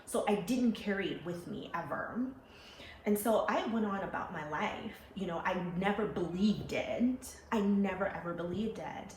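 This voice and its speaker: A young adult woman telling a personal story in a lively, animated way. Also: medium pitch, normal speed, slight background noise. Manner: animated, laughing, acting out quoted voices. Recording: roomy echo with faint ambience.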